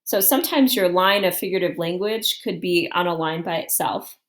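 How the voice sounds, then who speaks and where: A woman teaching a writing lesson, thinking aloud in a calm, explanatory way as she walks through an example on screen. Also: fairly low pitch, brisk.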